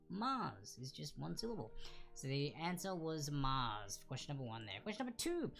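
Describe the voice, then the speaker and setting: A woman hosting a casual live online trivia quiz, chatting and repeating each answer slowly and clearly. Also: medium pitch, a bit bright.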